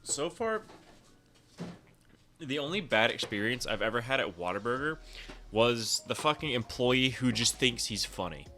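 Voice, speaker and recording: A man's voice: medium pitch, very animated, moderate pace, pushed and bright. A man co-hosting a casual podcast, telling profane stories and acting out both sides of the exchange. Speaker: podcast co-host.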